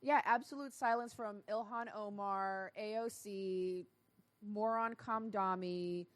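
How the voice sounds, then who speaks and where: A woman's voice: mid-range voice, steady tone, slow, no echo. Sarcastic female radio co-host, dry sound. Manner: sarcastic, teasing. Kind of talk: talk radio chat. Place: radio studio.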